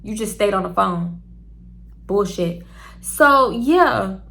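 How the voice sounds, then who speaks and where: A young woman vlogger telling a story in a blunt, profane, animated way. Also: medium pitch, slow pace, creaky, slight background noise. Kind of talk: casual storytelling.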